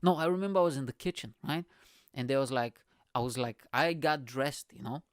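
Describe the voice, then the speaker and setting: A man's voice: mid-range voice, fairly quick, no room sound. A man, full of swearing and asides to the listener. He laughs at his own tale as he goes. The recording is close and dry. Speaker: comedian and podcast host. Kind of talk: storytelling monologue.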